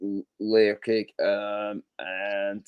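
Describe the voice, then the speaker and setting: A man's voice: on the low side, flat delivery, very slow, clear, resonant tone, lo-fi sound. A man from Scotland chatting casually on a video call, rambling and hesitant with many ums and the odd swear word. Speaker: host. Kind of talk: casual chat.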